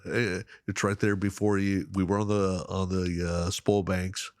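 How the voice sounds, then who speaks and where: Deep-voiced man telling a fishing story. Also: a little slow, smooth, no echo, studio quality. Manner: animated, laughs often, acts out dialogue. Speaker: guest. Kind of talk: casual storytelling.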